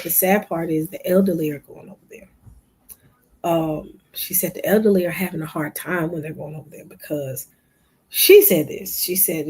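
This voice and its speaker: A woman with a lowish, husky voice hosts a live online show. She speaks loosely and conversationally to her viewers, calling them "y'all" and acting out the back-and-forth of a conversation she had. The tone is a relaxed storytelling chat. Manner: chatty, addresses viewers as "y'all", retells conversations in quoted dialogue. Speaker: livestream show host. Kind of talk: casual storytelling to a live audience.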